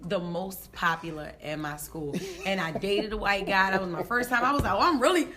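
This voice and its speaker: A comedian from Baltimore, Maryland, USA, tells stories as a guest in a casual interview, her mid-range voice at a moderate pace against crowd noise. She's animated, laughs often, and acts out what people said in different voices.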